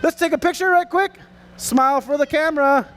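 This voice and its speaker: A man presenting a lively children's stage show at a festival, playful and hammy, rousing the crowd of kids. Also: very high-pitched, a little fast, a little hiss or hum. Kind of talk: energetic kids' stage show.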